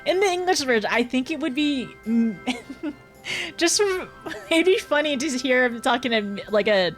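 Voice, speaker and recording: A young woman streams a game and chats with her viewers, bubbly and quick to giggle. Her voice sits on the high side, and faint music plays underneath. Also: animated. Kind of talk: casual live-stream gameplay chat.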